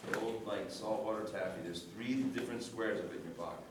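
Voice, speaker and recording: A male vocal coach leads a chorus rehearsal, explaining technique and checking in with the singers. His voice comes from well away from the microphone, in a very echoey room with steady noise in the background. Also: fairly low pitch, quick pace. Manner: instructive, checks in with "right?". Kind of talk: choir coaching session. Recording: echoey room, distant mic, noisy.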